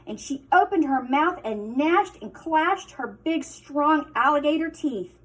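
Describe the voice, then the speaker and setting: Animated woman teacher reading aloud. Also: high voice, measured pace. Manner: expressive storytelling with hushed asides. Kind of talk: children's read-aloud.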